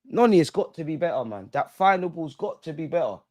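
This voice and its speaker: This man's voice is a little high and sing-song, with a darkish tone and a quick pace. Hosting a football watch-along live, he shouts his feelings at the players and ref on screen, using slangy, casual speech and the odd curse.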